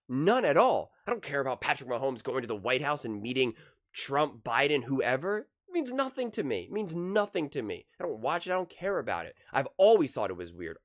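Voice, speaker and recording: A young man hosting solo sports commentary, rambling and exasperated, repeating "like" a lot as he talks. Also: medium pitch.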